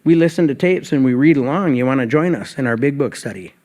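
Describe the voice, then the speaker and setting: A man's voice: medium pitch, lively intonation, quick pace, a little mellow. A man giving a guest talk at a recovery meeting, telling his story in a conversational way and acting out remembered dialogue. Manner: conversational, acts out both sides of remembered dialogue.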